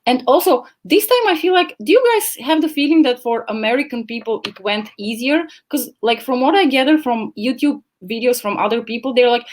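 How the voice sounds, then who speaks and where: A woman's voice: fairly high pitch, fairly quick, few pauses. A woman hosting a casual livestream from home, rambling and blunt, speaking into a laptop microphone. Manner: chatty, rambling, blunt and swearing. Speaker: livestream host. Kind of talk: casual chat. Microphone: laptop camera mic.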